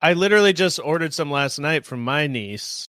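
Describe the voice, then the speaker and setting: A man's voice: a little high, lively intonation, normal speed, pushed and bright, no echo. A young man co-hosting a podcast in casual chat, joking and laughing easily. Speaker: podcast co-host.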